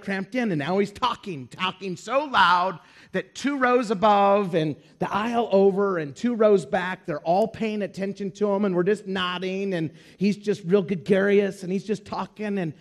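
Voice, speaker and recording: A man preaching a sermon, telling a story with acted-out dialogue. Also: high-pitched. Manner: animated storyteller acting out dialogue.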